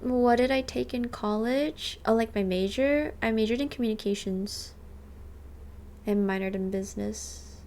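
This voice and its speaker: A woman's voice: fairly high pitch, a little slow, a little mellow, slight background noise. A woman in her twenties chatting casually with her stream viewers, bubbly and full of "like", thanking subscribers by name. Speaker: livestreamer. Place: rented apartment.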